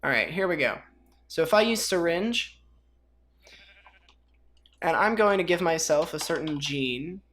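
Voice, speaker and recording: A woman's voice: deep voice, slight background noise. A woman casually walking through a game mod as a video host, chatty and rambling with self-mocking jokes. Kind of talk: casual mod tutorial commentary.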